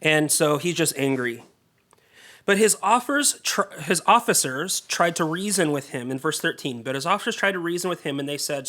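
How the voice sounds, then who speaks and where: A man preaching a sermon, telling the story in a casual, lively way and acting out the characters' voices. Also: on the high side, normal speed. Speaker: pastor.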